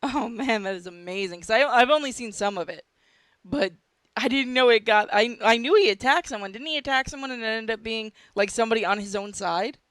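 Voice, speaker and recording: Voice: mid-range voice, brisk, a bit bright, no echo. A host chatting casually, eager and playful, laughing often. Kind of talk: casual chat.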